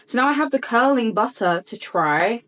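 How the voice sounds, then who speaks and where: A young woman chatting to camera as a beauty vlogger, gushing and excitable as she unboxes products in fast bursts. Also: fairly high pitch. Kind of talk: casual unboxing chat to camera.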